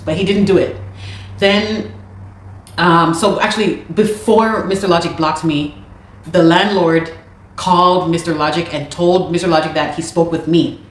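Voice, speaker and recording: A woman telling a personal story of a dispute in an animated, indignant way, often repeating words. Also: on the low side, unhurried, reverberant. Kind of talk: casual spoken account.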